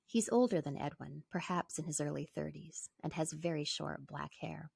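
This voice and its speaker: A woman novelist from British Columbia, reading calmly from her book and chatting as a guest. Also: low voice, normal speed, gravelly, breathy edge, dry recording. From British Columbia, Canada.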